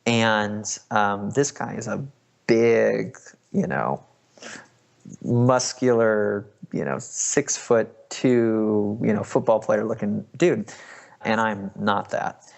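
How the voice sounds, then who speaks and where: A man's voice: lowish voice, steady tone, slow pace, gravelly. A man in his thirties, a podcast host, telling a personal story in a conversational way with many fillers and restarts.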